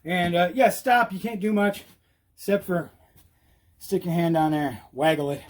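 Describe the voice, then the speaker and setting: A man giving an animated, repetitive how-to talk while riding outdoors, out of breath. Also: high-pitched, unhurried. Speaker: e-bike vlogger. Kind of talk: casual instructional talk.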